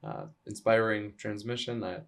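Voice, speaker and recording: A soft-spoken man hosting a podcast, thoughtfully asking his guest questions. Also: lowish voice, big pitch swings, moderate pace, vocal fry. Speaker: podcast host. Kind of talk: podcast conversation.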